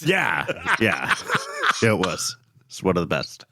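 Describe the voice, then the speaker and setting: Low-voiced wry man with background hiss. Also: big pitch swings, slow, vocal fry. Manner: wry, self-deprecating. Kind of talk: casual chat.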